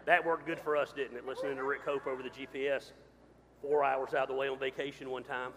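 A man preaching a sermon as pastor, swinging from loud to quiet. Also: mid-range voice, level tone, quick pace, crowd noise. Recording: hall reverb.

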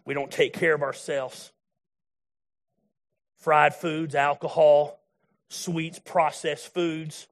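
A man's voice: fairly high pitch, level tone, slow pace, long pauses. A middle-aged man preaching a sermon in a blunt, folksy, storytelling way. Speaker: pastor.

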